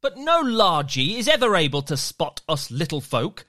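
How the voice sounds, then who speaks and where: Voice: mid-range voice, sing-song, normal speed, sharp tone, no echo, studio quality. A storyteller voicing a stern, strict tiny aunt in a children's story, speaking in a clipped, hissing way. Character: stern tiny aunt of the hidden little folk.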